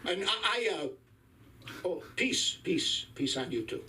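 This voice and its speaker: Man, 50s, profane stand-up comic, lively delivery, faint club noise behind. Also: high-pitched, a little slow, far from the mic. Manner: crude, profane, wry storytelling. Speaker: stand-up comedian. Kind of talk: stand-up comedy set. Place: comedy club stage, live.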